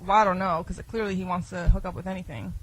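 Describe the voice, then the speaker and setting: A woman on a casual radio talk show, talking fast and sounding defensive. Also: lowish voice, fairly even intonation, rough recording.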